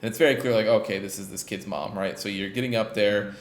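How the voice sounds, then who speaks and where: Low-voiced male podcast host, roomy echo. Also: fairly even intonation, quick pace. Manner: rambling, lots of fillers and restarts. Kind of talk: casual chat, recapping a game.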